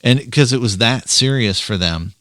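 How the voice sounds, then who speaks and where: A man's voice: mid-range voice, normal speed, fairly bright tone, no echo. A man hosting a podcast, a chatty storyteller talking casually about fatherhood. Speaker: podcast host, father of three girls. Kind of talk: casual chat.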